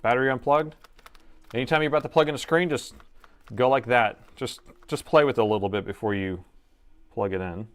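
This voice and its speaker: A man's voice: mid-range voice, fairly quick, clear, resonant tone. A middle-aged man live-streaming a laptop repair, chatting loosely and joking with viewers as he works. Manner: jokey, reads chat aloud, chatty asides. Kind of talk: casual live-stream chat while working.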